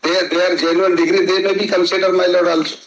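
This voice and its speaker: A man's voice: high-pitched, little pitch movement, quick pace, poor audio. A man arguing as a lawyer in a courtroom, pleading and deferential. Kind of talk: courtroom argument.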